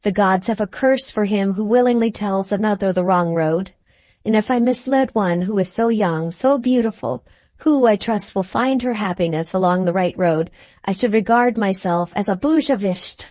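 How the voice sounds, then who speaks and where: A woman voicing an earnest foreign male musician who speaks gently but gravely in a storybook reading. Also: medium pitch, moderate pace, no echo, natural voice. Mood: solemn emphatic.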